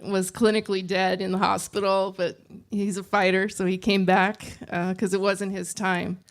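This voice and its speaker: A woman giving a eulogy for her father, speaking softly and hesitantly, close to tears. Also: medium pitch, level tone, normal speed. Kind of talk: memorial speech.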